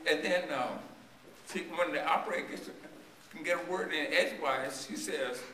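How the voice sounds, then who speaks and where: Male preacher, voice worn and straining, bright and forceful tone, tells a story in his sermon, church echo, mic far off. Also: fairly high pitch, moderate pace, slight background noise. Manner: storytelling sermon with call-and-response questions to the congregation. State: voice strained and tiring. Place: church sanctuary. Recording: echoey church recorded from a distance.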